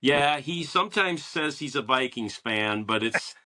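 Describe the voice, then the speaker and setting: A man's voice: medium pitch, lively intonation, unhurried, pushed and bright. A man hosting a podcast, chatting casually and telling stories with enthusiasm, acting out what people said. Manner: enthusiastic storyteller, acts out quotes. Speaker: podcast host. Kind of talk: casual interview chat.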